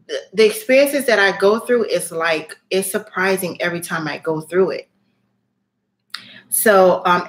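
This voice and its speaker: A woman telling a personal story in a casual vlog, candid and chatty, swearing freely between fillers. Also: fairly low pitch. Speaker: spiritual reading channel host.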